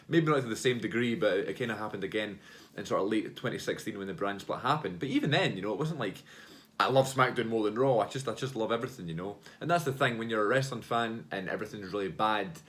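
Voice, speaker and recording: Man, podcast host, casual solo chat, rambling, lots of fillers, mid-pitched voice. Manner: rambling, full of fillers and self-corrections; loud, upbeat greeting at the start.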